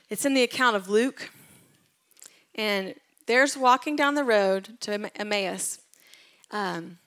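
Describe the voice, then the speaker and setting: A woman's voice: medium pitch, vocal fry, a bit bright. A woman retelling Bible stories in a casual devotional talk. She tells them with animation and drops to a whisper at tender moments. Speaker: Bible teacher.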